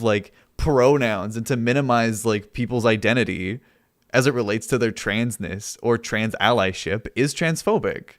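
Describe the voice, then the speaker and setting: A man's voice: mid-range voice, lively intonation, normal speed, no room sound, clean studio sound. A young man streaming, arguing with his chat in a sarcastic, argumentative way and laughing often. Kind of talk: casual livestream chat.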